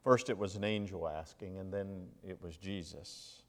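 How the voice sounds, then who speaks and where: A male minister preaching a sermon, reading scripture aloud with dramatic pauses and emphasis. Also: sits low, steady tone. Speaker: interim lead minister. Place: church sanctuary. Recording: long reverb of a large hall.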